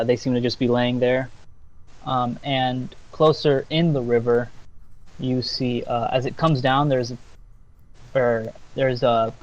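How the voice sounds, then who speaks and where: A man running a tabletop game, narrating casually and haltingly with many fillers. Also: mid-range voice, a little mellow, lo-fi sound. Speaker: game master.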